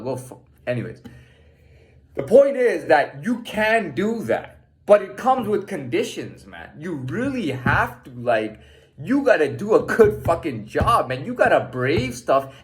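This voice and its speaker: A man's voice: on the high side, sing-song, normal speed. A man speaking in a casual monologue, blunt and profane, lecturing the listener and stumbling through restarts. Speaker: storyteller.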